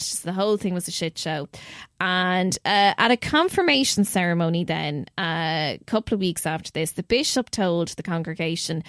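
A young Irish woman telling a story in a chatty, animated way, swearing freely as host of a podcast. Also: fairly low pitch, normal speed, dry recording, clean studio sound. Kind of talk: casual storytelling.

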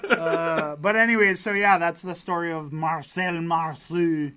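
Man, podcast co-host, bright voice, slightly high, joking storyteller. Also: steady tone, measured pace, a little hiss or hum. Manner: storytelling, joking, full of asides. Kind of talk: casual chat.

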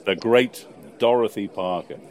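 A low-voiced man co-hosting a relaxed podcast. He is effusive and quick with praise. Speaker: podcast co-host. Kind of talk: casual chat.

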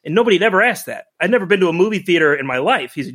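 A middle-aged man telling a personal story in a casual podcast chat, animated and emotional, acting out quoted lines. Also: sits high, racing. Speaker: podcast co-host.

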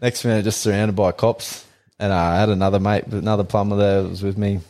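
Low-voiced, laid-back Australian man. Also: little pitch movement, fast, darkish tone. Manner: laid-back, sweary storytelling. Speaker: podcast guest, former athlete. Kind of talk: casual chat.

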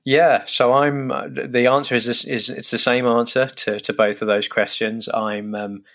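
A man's voice: medium pitch, flat delivery, normal speed, gravelly, a bit bright. A man from England with an English accent, a podcast guest chatting casually and hesitantly, with many fillers and restarts. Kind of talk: casual interview chat.

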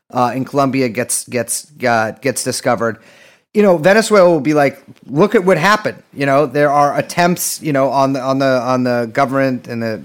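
A man co-hosting a podcast, bantering wryly and profanely in casual political talk. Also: mid-range voice. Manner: wry, profane, lively banter with restarts. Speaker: podcast co-host.

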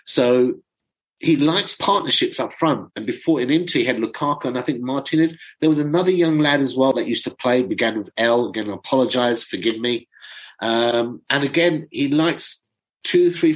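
A middle-aged man chatting to viewers as a football fan commentator, excitable and chatty, often stumbling over names. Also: mid-range voice, poor audio. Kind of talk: casual chat to viewers.

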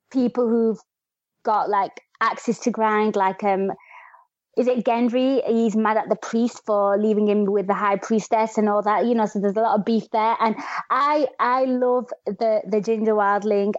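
A woman's voice: on the high side, fairly even intonation, normal speed, no echo. A woman, chatting enthusiastically as a podcast co-host. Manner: chatty and enthusiastic, lots of fillers. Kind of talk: casual chat. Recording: dull lo-fi audio.

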